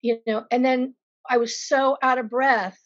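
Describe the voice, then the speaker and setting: A woman with a somewhat high voice recounts her experience as a patient in a candid interview, frank and vivid, with wry self-deprecating asides. The sound is dry and a little dull, like a lo-fi recording. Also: steady tone, a little slow, no room sound. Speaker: patient sharing her story.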